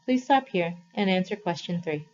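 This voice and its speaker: Woman teacher, novel read-aloud for students, measured and expressive, dull lo-fi sound. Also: fairly low pitch. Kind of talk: reading a novel aloud to a class. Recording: slightly muffled, dull recording.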